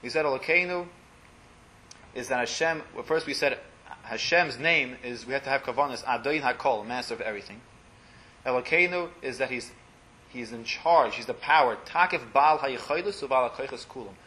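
Bright-voiced man teaching a Torah class. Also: medium pitch, moderate pace, a little hiss or hum. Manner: explanatory, translating Hebrew phrases line by line, often trails off quietly. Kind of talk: religious class lecture. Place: classroom with a small group.

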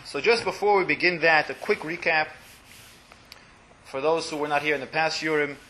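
A man leads a small religious class, stepping through blessings and translating each one. His voice is bright and a little higher than most men's, and he often sinks into a soft, trailing murmur as he explains. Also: fairly even intonation, normal speed. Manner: explanatory, translating Hebrew phrases line by line, often trails off quietly. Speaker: Torah class teacher.

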